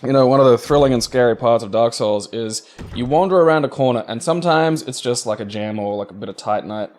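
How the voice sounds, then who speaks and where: A man's voice: medium pitch, fast talker, a little mellow. Swearing, muttering man playing a game. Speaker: podcast co-host playing a video game. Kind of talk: casual gaming chat while playing.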